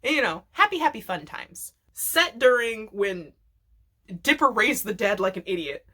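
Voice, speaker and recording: A woman's voice: a little high, big pitch swings, moderate pace, bright, forceful tone, slightly rough. A woman vlogger casually telling a rambling, profanity-laced story, laughing often as she goes.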